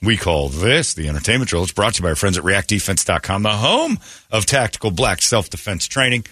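An American man hosting a morning radio show, rambling and joking with quick asides into a studio microphone. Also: fairly low pitch, big pitch swings, pushed and bright, husky, dry recording.

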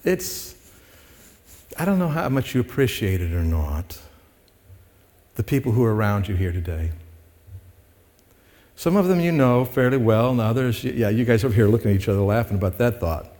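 A man's voice: lowish voice, sing-song, normal speed, long pauses, warm tone. A man preaching a sermon to his congregation, conversational and rising to emphatic peaks. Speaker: pastor. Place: church sanctuary with congregation. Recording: long hall reverb.

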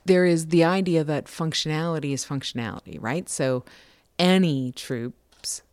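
A woman's voice: deep voice, fairly quick, a little mellow, no echo. A woman co-hosting a casual podcast chat, talking animatedly and thinking aloud with restarts. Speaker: podcast co-host.

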